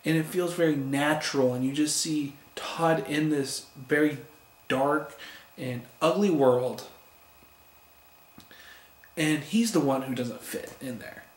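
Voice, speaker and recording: A man's voice: a little high, slow, pauses often. Eager man in an echoey room. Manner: enthusiastic, rambling, stumbles over names. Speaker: comic book reviewer on a video channel. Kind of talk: casual spoken review.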